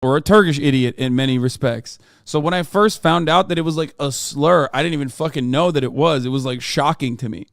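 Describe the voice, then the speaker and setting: A man from the United States, streaming and reacting to a video and chat in a profane, animated rant. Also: fairly high pitch, a little fast, gravelly, hardly any pauses, dry recording, clean studio sound. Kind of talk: casual live-stream reaction and chat replies.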